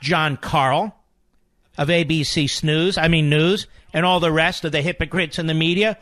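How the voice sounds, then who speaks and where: A man's voice: a little high, fairly even intonation, moderate pace, fairly bright tone, no room sound. A man hosting a talk radio show, delivering an indignant political monologue with heavy repetition.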